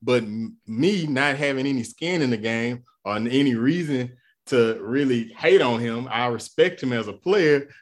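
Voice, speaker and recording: A man's voice: medium pitch, normal speed. Guy on a sports podcast, pushy and casual, won't back down. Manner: argumentative, insistent, colloquial. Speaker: podcast co-host.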